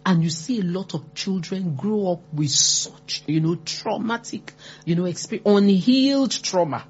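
A woman's voice: on the low side, unhurried, darkish tone, husky. A woman giving earnest, emphatic advice on supporting grieving people, repeating key words and acting out quoted remarks. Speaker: speaker on grief support. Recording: dull lo-fi recording.

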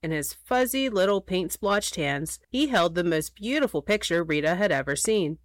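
A woman narrating a children's storybook aloud in an expressive, playful way. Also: lowish voice, normal speed, dry recording.

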